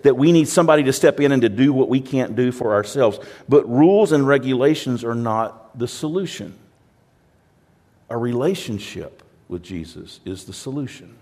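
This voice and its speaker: A man's voice: medium pitch, darkish tone. A male pastor preaching a sermon in a plain-spoken way, often repeating words and acting out quoted voices.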